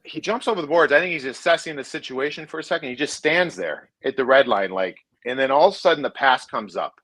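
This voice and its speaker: A man's voice: mid-range voice, animated, fast, fairly bright tone, no echo, poor audio. A man, a former hockey player, casually telling rambling locker-room stories full of restarts and swearing. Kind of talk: casual storytelling chat.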